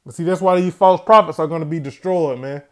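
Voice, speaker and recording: A man's voice: on the high side, fast talker. A man hosting a religious commentary show, speaking in a preachy way and ending his phrases with "man". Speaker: host.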